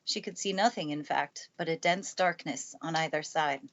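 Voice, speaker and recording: A woman calmly reading a classic storybook aloud in a steady storytelling manner, recorded in a family room by the fire. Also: deep voice, normal speed, dull audio, slight background noise. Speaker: narrator. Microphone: good studio mic.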